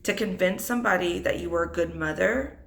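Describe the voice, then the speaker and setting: A woman's voice: fairly low pitch, a little fast, gravelly. A young adult woman telling an unscripted personal story about her divorce, reflective and holding back tears. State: tearful. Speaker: single mother vlogger.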